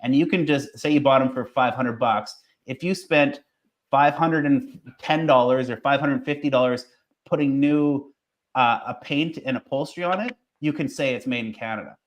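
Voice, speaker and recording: A man's voice: mid-range voice, moderate pace. A man in a casual podcast chat, explaining things in a loose, rambling way.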